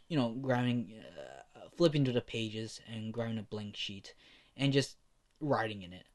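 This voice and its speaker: A man tells a fan story off the cuff, filling every pause with "you know" and dropping in curses. His voice sits in a middle pitch, and his telling meanders loosely. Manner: rambling, full of "you know" fillers and swearing. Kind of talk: casual fan story narration.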